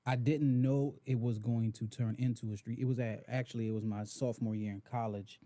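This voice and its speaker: A man on a radio talk show telling a story from his college days, hesitant and halting. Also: mid-range voice, fairly even intonation, dark tone, no room sound.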